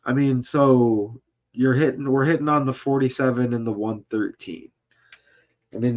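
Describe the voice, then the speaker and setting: Dude reading some article out loud real slow, keeps stopping to comment, trips on names, goes "are you serious?". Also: male voice, medium pitch. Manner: muses aloud, stumbles over names, asks rhetorical questions. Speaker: vlogger.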